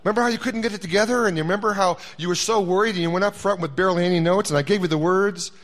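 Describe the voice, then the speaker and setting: A man voicing God, who gently prods a pastor with pointed questions. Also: high voice, rapid-fire, pitched above the performer's own voice. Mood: teasing. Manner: gently prodding, rhetorical questions.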